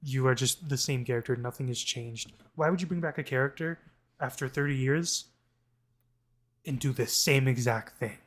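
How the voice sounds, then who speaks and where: A man's voice: mid-range voice, moderate pace. A man co-hosting a movie podcast, ranting casually with lots of restarts. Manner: ranting, animated, frequent restarts. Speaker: podcast co-host.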